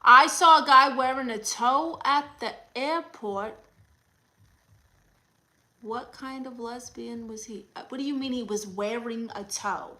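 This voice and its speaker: A woman hosting a comedy livestream as an advice-giving aunt, chatting casually with a sassy, teasing manner and reading comments out loud. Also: a little high, a little slow, rough recording. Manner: coos baby talk at her dog.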